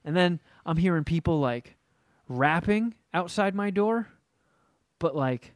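A man's voice: a little high, expressive, unhurried, dry recording, clean studio sound. A man co-hosting a casual chat, telling rambling stories and swearing freely. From Los Angeles area resident. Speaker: podcast co-host.

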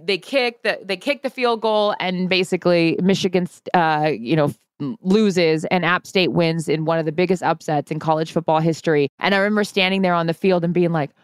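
A woman in her forties, a sports reporter hosting a casual chat, telling a story in an animated, rambling way with many fillers. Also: fairly low pitch, brisk, hardly any pauses, clean tone, no room sound, clean studio sound. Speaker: sports reporter and podcast host.

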